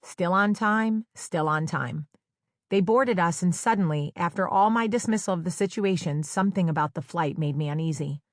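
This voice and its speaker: A woman from New Jersey reads her own memoir in a wry, conversational storytelling style, slipping into playful quoted dialogue. Her voice sits somewhat low for a woman. The recording is close and dry, with no room sound. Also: moderate pace, no echo. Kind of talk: audiobook memoir narration. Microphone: close studio microphone.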